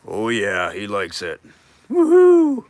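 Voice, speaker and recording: A man's voice: medium pitch, moderate pace, pushed and bright, no echo. A man running a live online auction, calling bids and chatting casually with viewers between lots. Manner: chatty, jokey, reads out bids and names viewers.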